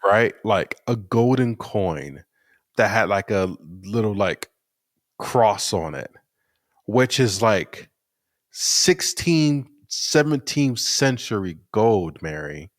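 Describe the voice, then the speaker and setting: A man's voice: on the low side, very animated, slow pace, no echo, studio quality. A man from Philadelphia co-hosting a podcast, chatting about a film in a laid-back, hesitant way. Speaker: podcast co-host. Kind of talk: casual film review chat.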